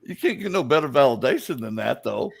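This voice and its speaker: Gravelly storytelling man from Alabama. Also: medium pitch, brisk. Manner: animated storyteller, acts out quoted voices. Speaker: psychic guest. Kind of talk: casual storytelling chat.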